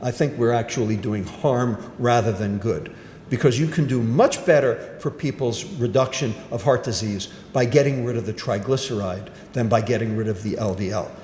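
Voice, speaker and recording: An older physician gives a grand rounds lecture in a lecture hall, emphatic and punchy, frequently posing questions and answering them himself. His voice is a little mellow at normal speed, with roomy hall echo and a faint rumble.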